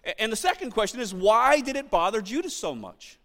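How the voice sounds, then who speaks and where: High-voiced man preaching in a hall. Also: brisk. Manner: animated, acts out quotes, shouts for emphasis. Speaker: pastor. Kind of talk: sermon.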